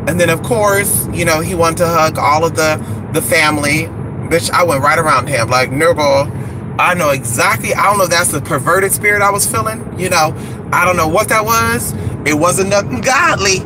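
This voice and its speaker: A man's voice: fairly high pitch, moderate pace, noisy background. A man chatting casually and profanely on a live stream from a vehicle, greeting viewers by name. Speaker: vlogger.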